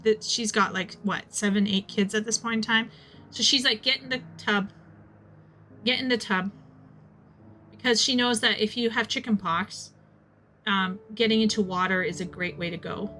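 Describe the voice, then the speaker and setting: A young woman chatting casually while streaming a game, telling a rambling story with many restarts and asides. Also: on the high side. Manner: rambling, self-interrupting, animated storyteller.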